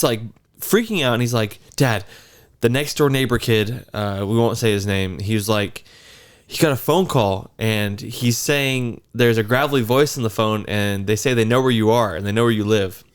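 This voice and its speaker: A man's voice: lowish voice, a little slow, smooth. A man in his thirties casually telling a long, rambling story on a podcast. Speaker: podcast co-host.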